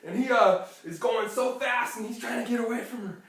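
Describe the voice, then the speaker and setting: A storyteller improvising a lively bedtime story for a child, laughing often and acting out sound effects. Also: mid-range voice, brisk. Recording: echoey room, distant mic, faint noise.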